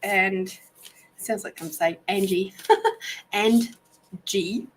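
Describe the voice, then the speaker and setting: Here the Australian intuitive reader and podcast host speaks slowly in a steady, medium-pitched tone while hosting a live reading, chatty, giggly and warm with her viewers. There's slight background noise and the recording is rough.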